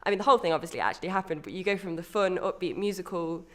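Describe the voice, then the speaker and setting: A woman's voice: fairly low pitch, very fast. A woman co-hosting a podcast, chatting casually and enthusiastically about a theatre show she saw. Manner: chatty, enthusiastic, self-correcting. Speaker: podcast co-host reviewing a musical. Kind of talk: casual review chat.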